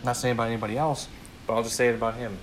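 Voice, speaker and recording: A man's voice: medium pitch, level tone, very fast, a little hiss or hum. A twenty-year-old man ranting casually about a football game, heated, swearing often and repeating himself as he rambles. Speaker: sports fan vlogger.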